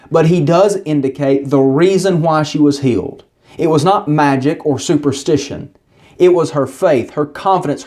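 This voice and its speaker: A man's voice: medium pitch, mellow. A man narrating a Bible passage as a short lesson, retelling the story earnestly and briefly voicing the people in it. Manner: earnest storytelling, acting out quoted speech. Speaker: Bible teacher. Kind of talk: scripted Bible study narration.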